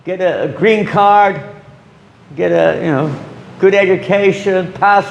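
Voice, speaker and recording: A man teaching a scripture class in a lively way, often acting out the voices of people he quotes. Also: high-pitched, slow, gravelly, reverberant, a little hiss or hum, rough recording. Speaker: spiritual teacher.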